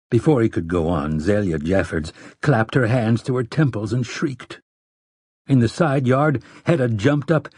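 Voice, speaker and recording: A man reading an audiobook narration in a measured, even storytelling manner. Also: medium pitch, slightly rough, dry recording, studio quality.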